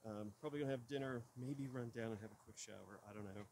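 A middle-aged man chatting through a casual camping vlog outdoors on a farm, rambling and relaxed. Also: on the low side, fast. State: out of breath. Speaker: camping vlogger. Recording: outdoor noise, birds and animals.

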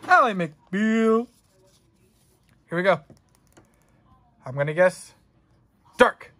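A young guy unboxing trading cards on stream rambles, jokes with chat, and swears a lot. His voice is high-pitched with a fairly bright tone.

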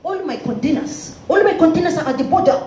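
A man's voice: extremely high pitch, fast talker, echoey room, slight background noise, voice pushed up. A woman voicing a frantic male businessman complaining about fees at the border. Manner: excited, shouting. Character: frantic businessman with containers stuck.

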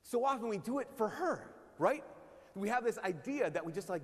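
A man preaching a sermon as a priest, casual and animated, sometimes dropping to a hush for emphasis. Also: high voice, brisk. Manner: conversational and animated, drops to hushed tones for emphasis. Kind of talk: sermon at a parish mission. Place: church. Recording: long reverb of a church hall.

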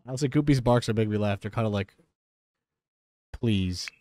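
A man's voice: mid-range voice, very fast, warm tone, dry recording. Chatty man streaming a life-sim game. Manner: chatty, exclaims often, talks to his dogs between game remarks. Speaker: gaming streamer. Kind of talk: casual gameplay commentary.

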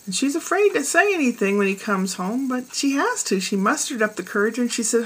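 Woman host, husky and fairly high, chatty casual joke teller. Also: expressive, a little fast, hardly any pauses, rough recording. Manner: chatty storyteller. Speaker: host of a weekly joke segment.

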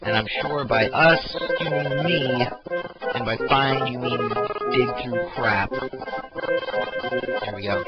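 Excitable young man joking over a game. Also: medium pitch, takes it slowly, long pauses. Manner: excitable, jokey, shouty outbursts. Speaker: let's play host. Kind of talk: gameplay commentary. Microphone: cheap home mic. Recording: dull lo-fi mic, loud game music.

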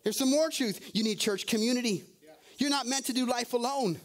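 A man's voice: very high-pitched, fairly quick. A male pastor preaching a sermon, firing off rhetorical questions and calling out to the congregation. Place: church service.

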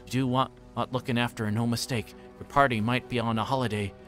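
A man's voice: mid-range voice, fairly even intonation, quick pace, a bit bright, faint music behind, lightly acted. A man voicing a fussy, anxious middle-aged male innkeeper who stammers, in a book reading. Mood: reassuring. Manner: flustered, stammering.

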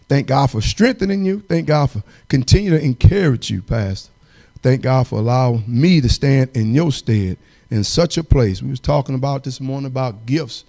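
A man's voice: medium pitch, gravelly, mellow. A man preaching a fervent, folksy sermon in a church, chuckling and breaking into song.

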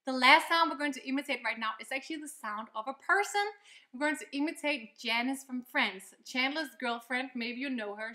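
A woman's voice: high voice, bright, forceful tone. A woman teaching a singing lesson, explaining step by step in an upbeat, encouraging way. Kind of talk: vocal lesson with demonstrations. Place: loud location, not a quiet studio.

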